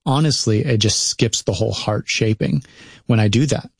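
A man's voice: fairly low pitch, moderate pace, creaky, breathy edge, no echo, studio quality. A man speaking as a guest in a casual conversation, earnest with preacher-like emphasis.

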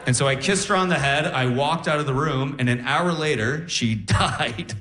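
A young man doing a stand-up set on a live stage, telling animated stories and quoting people in voices. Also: a little high, moderate pace, hardly any pauses. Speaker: stand-up comedian.

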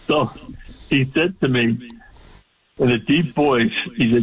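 A man's voice: medium pitch, slow, long pauses. A man hosting a casual talk show, telling an anecdote. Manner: chatty anecdote teller who laughs at his own punchlines. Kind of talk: casual chat. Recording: dull lo-fi sound.

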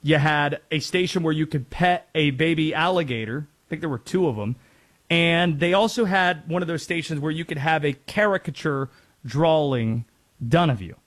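A man's voice: fairly high pitch, normal speed. A man from North Carolina hosting a casual sports talk show, joking and telling stories. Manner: animated, jokey, quotes and impressions. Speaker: sports radio host.

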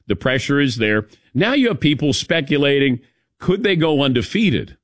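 A man in his sixties hosting a sports talk show, telling stories in a chatty, animated way with chuckling asides. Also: medium pitch, normal speed, no room sound, clean studio sound. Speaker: sports radio host.

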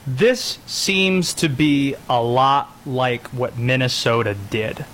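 A man's voice: mid-range voice, slow pace, a bit bright, a little hiss or hum. A man hosting sports talk radio, dry and teasing, steering each segment along.

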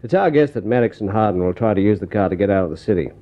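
A practical detective speaks briskly and plainly as a man plays him, his voice lively in pitch. The sound is thin and narrow, like an old radio broadcast heard over a phone line. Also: close to an everyday voice. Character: practical male detective friend. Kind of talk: vintage radio drama acting.

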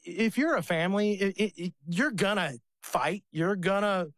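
A man's voice: high-pitched, normal speed, dry recording. A man, likely in his thirties, hosting a faith radio talk show and telling family stories with many restarts. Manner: animated storyteller, many restarts.

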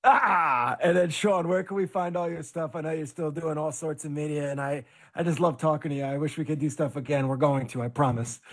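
Man, podcast host, sports talk, slightly high voice, upbeat. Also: fairly even intonation, a little fast, hardly any pauses. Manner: upbeat, wraps up and hands over to guests.

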